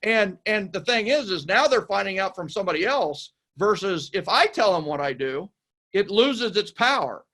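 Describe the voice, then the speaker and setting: High, bright-voiced enthusiastic male host. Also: lively intonation, normal speed. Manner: enthusiastic, emphatic, repeats phrases. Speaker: podcast host. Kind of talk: casual interview chat.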